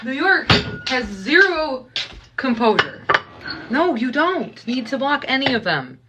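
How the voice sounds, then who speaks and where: A woman's voice: sits high, sing-song, unhurried, heavy background noise. A woman live-streaming from her kitchen, chatting casually with viewers and playfully scolding them as she cooks. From Canada. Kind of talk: casual live-stream chat while cooking.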